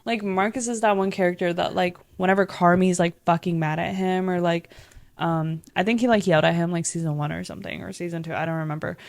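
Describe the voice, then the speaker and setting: Young woman, gravelly, rambling casual chat. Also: on the low side, fairly even intonation, quick pace, dry recording. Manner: rambling, profane, heavy use of "like". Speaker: podcast host.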